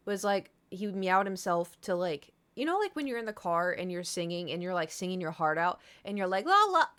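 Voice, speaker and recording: In a fairly low, clear and resonant voice, a woman streamer tells her viewers a long, wandering story at a brisk pace. She leans heavily on fillers and swears bluntly and openly.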